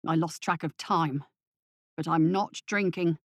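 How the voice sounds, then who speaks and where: A woman's voice: sits low, measured pace, no room sound, studio quality, pitched below the performer's own voice. A woman reading the part of a man who earnestly insists to his family that he is sober. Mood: pleading. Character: man, a remorseful father pleading his sobriety.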